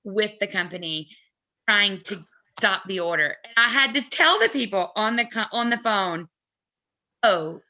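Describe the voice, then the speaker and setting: A woman in a casual live chat, telling an anecdote in an animated, chatty way. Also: medium pitch, normal speed. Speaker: co-host of a fan merch live chat.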